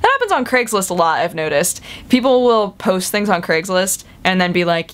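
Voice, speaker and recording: Chatty woman vlogger, animated. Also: moderate pace, hardly any pauses. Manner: chatty and animated, acting out quoted voices with big pitch jumps. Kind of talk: casual chat to camera.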